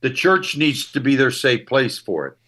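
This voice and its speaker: Middle-aged male ministry speaker, bright forceful tone, vivid anecdotal delivery. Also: medium pitch, normal speed. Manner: animated storyteller, emotional anecdotes. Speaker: guest author and ministry leader. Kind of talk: storytelling interview talk.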